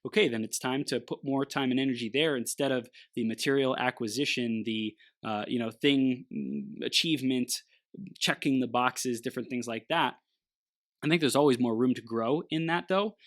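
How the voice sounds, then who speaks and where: A man's voice: mid-range voice, normal speed, fairly bright tone. A man, the host of a conversation, thinking aloud in a searching way and often restarting his phrases. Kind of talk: reflective conversation.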